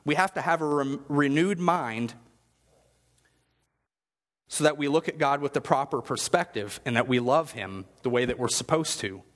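A man's voice: medium pitch, moderate pace, in a large hall. A man preaching a sermon in a conversational, chatty way and asking the congregation questions. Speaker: pastor.

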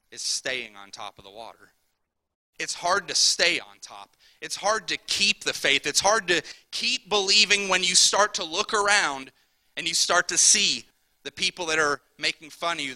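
A pastor, a man, delivers a sermon with a very bright, cutting tone and a voice a bit higher than most men's. He talks to the congregation casually, tossing in "right?" and dropping to quiet asides before pushing back up to loud emphasis. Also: normal speed, dry recording, poor audio. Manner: conversational preaching, repeats "right?", swings from soft asides to loud emphasis.

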